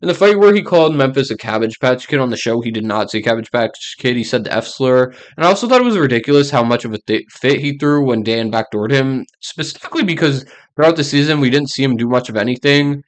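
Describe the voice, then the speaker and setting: A man's voice: mid-range voice, expressive, fast, few pauses. A young man talking casually as a YouTuber, ranking reality show players with blunt, ranting opinions and many fillers.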